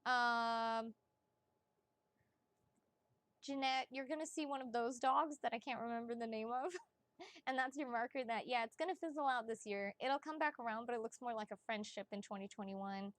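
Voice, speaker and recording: A woman giving psychic readings on a casual live stream, chatty and excitable, swearing freely and talking straight to her viewers. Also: a little high, fairly quick, no echo.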